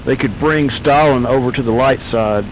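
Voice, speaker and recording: A man's voice: mid-range voice, moderate pace, a little hiss or hum, rough recording. A man of about seventy hosting a flight-sim stream, chatting casually in a rambling, joking way with many restarts. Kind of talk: casual chat.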